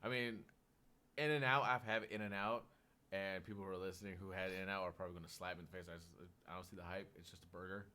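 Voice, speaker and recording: Low, bright-toned young guy chatting. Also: steady tone, fast talker. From Oklahoma. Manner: laid-back, jokey, swears. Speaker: podcast co-host. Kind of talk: casual chat.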